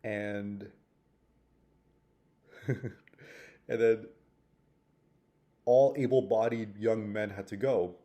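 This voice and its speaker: A man speaks in a low, mellow voice, reflecting on a mistake in a personal vlog. He thinks aloud in a rambling way, circling back and restarting his sentences as he searches for the point. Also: fairly even intonation, extremely slow, pauses often. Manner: thoughtful, rambling with restarts and fillers. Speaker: vlogger.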